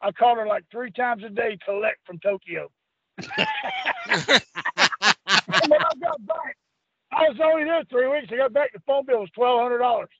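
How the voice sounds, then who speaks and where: High, husky older man on a phone line. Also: quick pace, hardly any pauses, no echo. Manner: rambling, laughing storyteller acting out quotes. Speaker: interview guest, former wrestler. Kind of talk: storytelling anecdote.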